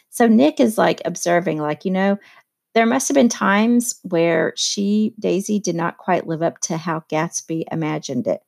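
Woman, teacher, casual lesson, lowish pitch, chatty, lots of fillers. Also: normal speed, gravelly, a little mellow. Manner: conversational, many fillers and asides.

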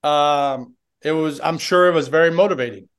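Brief: male coach guest, slightly higher voice, rambling casual storyteller. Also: moderate pace, fairly bright tone, clean tone. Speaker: assistant head coach, guest. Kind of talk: casual podcast interview.

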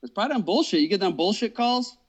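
A man's voice: sits high, expressive, fast talker, breathy edge. A man co-hosting a podcast in casual chat, blunt and ranting with constant swearing. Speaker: podcast co-host.

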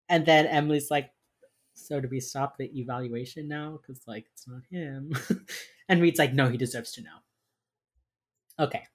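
A woman co-hosting a casual chat, animatedly acting out lines from a TV show and swearing freely. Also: extremely low pitch. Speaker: podcast co-host recapping a TV crime drama.

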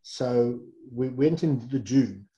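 Mellow-voiced middle-aged Englishman telling stories. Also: medium pitch, slow pace, low-quality recording. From England. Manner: relaxed, rambling, with fillers and self-corrections. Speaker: guest, former rugby player. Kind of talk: casual anecdotal storytelling.

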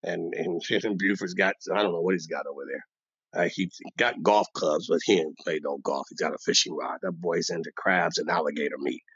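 An actor playing an older, bossy, old-school barbershop owner who rambles and boasts in street talk, delivered as a comic monologue. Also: male voice, low voice, brisk, a bit bright, husky, no echo, full character voice. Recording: dull dry lo-fi recording.

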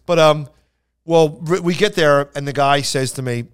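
Rambling storytelling comedian, smooth voice. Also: male voice, a little high, moderate pace. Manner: rambling anecdotes with many restarts and acted-out quotes. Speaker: stand-up comedian and podcast co-host. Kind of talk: casual storytelling chat.

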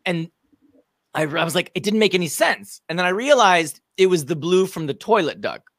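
A middle-aged woman telling a funny story in casual chat, animated and rising to shouts at the big moments. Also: fairly low pitch, moderate pace, dry recording, studio quality. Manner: animated, builds to shouting peaks at the punchlines.

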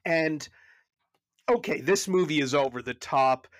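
A pastor chatting casually on a podcast about a movie, animated, often restarting and repeating words as he goes. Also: measured pace, no echo. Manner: animated, jumps high when retelling scenes.

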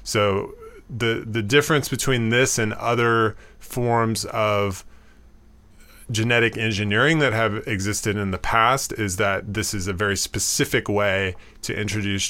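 A man giving explanatory commentary, talking in a thoughtful, halting way with frequent fillers and restarts. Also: on the low side, steady tone, bright, forceful tone.

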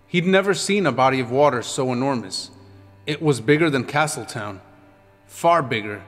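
A man reading an audiobook in a measured, descriptive storytelling manner. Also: medium pitch, a bit bright. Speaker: audiobook narrator. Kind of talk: scripted audiobook narration. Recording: long reverb with background music.

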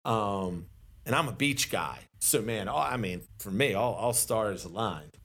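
Male pastor from Maryland, guest on a podcast, lively and slangy in his storytelling. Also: on the low side, unhurried, breathy edge. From Maryland, USA. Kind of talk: casual storytelling in a podcast interview.

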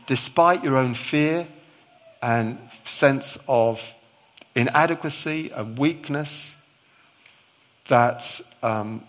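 A man's voice: mid-range voice, fairly bright tone. A middle-aged male visiting preacher giving a sermon, telling a story with acted-out dialogue and touches of humour.

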